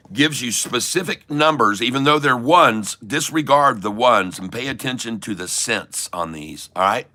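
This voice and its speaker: A man hosts a live trading stream, talking to his viewers in a chatty, folksy way. He rattles off strings of price numbers, and his voice has a bright, forward edge at an ordinary middle pitch. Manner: reads out price numbers in runs.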